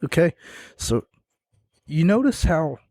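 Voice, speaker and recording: A man hosts a casual podcast and rants sarcastically about wrestlers. His voice sits a little high but sounds mellow and unhurried. The recording is dry and close. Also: big pitch swings, dry recording. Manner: sarcastic, mocking rant with mimicked chants. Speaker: podcast host.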